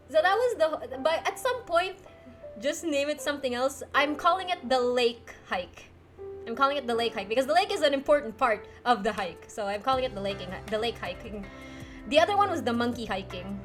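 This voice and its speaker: A young woman, casually telling a story on her livestream and answering chat, laughing often as she talks. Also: fairly high pitch. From Philippines. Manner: giggly, lively, laughs often mid-sentence. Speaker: streamer.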